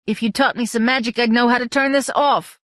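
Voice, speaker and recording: A woman's voice: fairly high pitch, steady tone, a little fast, a bit bright, dry recording, studio quality, voice pushed up, natural voice. A woman voicing a bewildered teenage girl who protests breathlessly. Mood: flustered.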